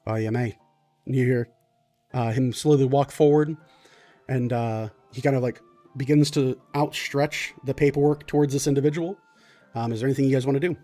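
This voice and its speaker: This is a male game master narrating a tabletop role-playing session, describing the scene piece by piece and often pausing and restarting. His voice is mellow and dark at a middle pitch, with faint music underneath. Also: fairly even intonation.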